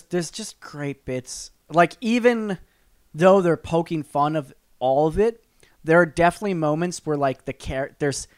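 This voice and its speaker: A man co-hosting a podcast in casual chat, talking in a rambling, animated way with many fillers and restarts. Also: fairly high pitch, smooth, dry recording, clean studio sound. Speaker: podcast co-host.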